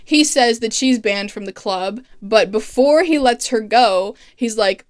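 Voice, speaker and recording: A woman talks through a TV season in a loose, chatty recap, full of swearing and sarcastic asides. Her voice sits a little high and comes across smooth and clear. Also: a little slow, hardly any pauses. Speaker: TV recap vlogger. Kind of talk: casual, profane recap commentary.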